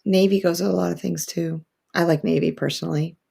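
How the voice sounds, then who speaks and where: A man's voice: a little high, steady tone, fairly quick, creaky, slightly rough. A man co-hosting a sewing livestream in easygoing, agreeable casual chat. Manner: easygoing, agreeable, soft-spoken. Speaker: co-host.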